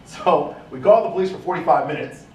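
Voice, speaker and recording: A man giving a conference talk, telling an animated story and acting out the voices of the people in it. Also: fairly high pitch, fast talker, slight background noise. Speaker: conference speaker. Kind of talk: storytelling talk with acted quotes. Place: conference hall. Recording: echoey room from a distance.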